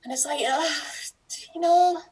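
A middle-aged Scottish woman with a high voice talks in a relaxed, chatty way as a podcast guest. She often breaks off and restarts her sentences and laughs easily along the way. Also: unhurried, low-quality recording. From Scotland. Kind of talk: casual podcast interview.

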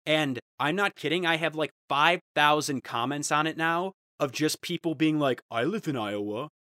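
A man's voice: a little high, steady tone, normal speed, bright, forceful tone, no room sound, clean studio sound. A young man from Ohio hosting a podcast, ranting in mock outrage in a casual chat. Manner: ranting, mock-outraged, jumps into quoted voices. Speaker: podcast host.

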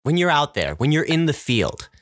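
Casting: mock-solemn male co-host, swooping pitch, dry close sound. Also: very animated, moderate pace, no room sound. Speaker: podcast co-host. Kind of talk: mock-patriotic comedy chat.

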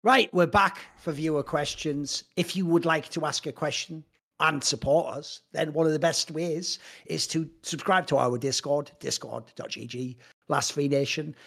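A man's voice: fairly high pitch, fairly even intonation, normal speed, creaky, fairly bright tone. A British man co-hosting an esports podcast, talking in an emphatic, combative way and swearing freely. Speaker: podcast co-host. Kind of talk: casual esports discussion.

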